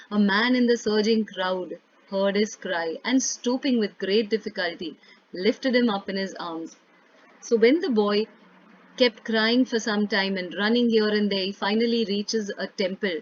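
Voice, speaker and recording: Woman teacher reading a story aloud. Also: mid-range voice. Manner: reads expressively, then paraphrases in simple words with fillers. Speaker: English teacher. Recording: dull lo-fi recording.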